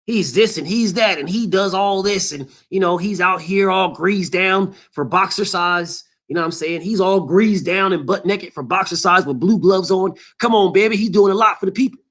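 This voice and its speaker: A man's voice: high voice, moderate pace, hardly any pauses, fairly bright tone. A man hosting a boxing show, ranting in a heated, emphatic and profane way and repeating his points. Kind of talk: boxing commentary rant.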